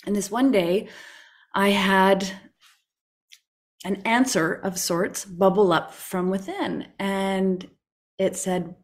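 A woman telling a personal story on a talk show, animated and full of restarts. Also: mid-range voice, slow, pauses often. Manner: animated, with many restarts and excited rises. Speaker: co-host.

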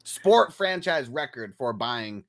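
A man's voice: medium pitch, big pitch swings, slow. A man hosting a casual sports talk show, loose and profane, laughing often between points. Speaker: podcast host.

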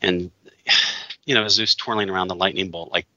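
Man, rambling casual chat, very bright forceful tone, dull lo-fi sound. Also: sits low, fairly even intonation, moderate pace, dry recording. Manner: opinionated, rambling, laughs often. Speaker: podcast co-host. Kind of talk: casual chat reviewing a movie.

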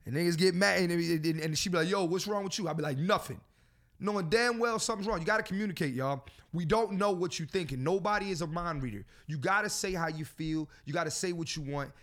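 A man's voice: a little high, fast, few pauses, fairly bright tone. A man hosting a casual podcast, talking in a profane, preachy and joking way. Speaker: podcast host.

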